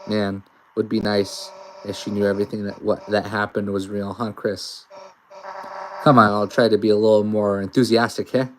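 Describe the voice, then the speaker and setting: A man voicing a rough, blunt teenage girl with a gruff way of talking. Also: fairly low pitch, flat delivery, normal speed, a little hiss or hum, natural voice, rough recording. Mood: gruff wistful.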